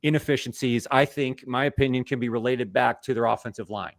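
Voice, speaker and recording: A man with a gravelly voice hosts the sports talk, recorded dry and close. He affirms the guests and passes the discussion from one to the next. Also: mid-range voice, brisk, no room sound. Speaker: show host.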